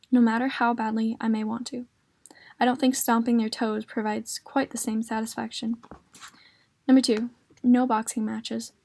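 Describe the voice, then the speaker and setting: A woman reading a novel aloud at a library, in steady first-person narration. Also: a little high, gravelly. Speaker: library reader.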